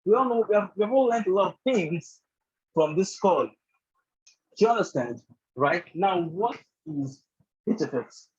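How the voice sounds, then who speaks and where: High, husky-voiced man teaching trading. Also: animated, unhurried, pauses often, highs cut off. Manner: repeatedly checks in with "do you understand?" and "right?"; leans heavily on "actually" and "all of that". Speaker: trading instructor. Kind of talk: online bootcamp lesson on a group call.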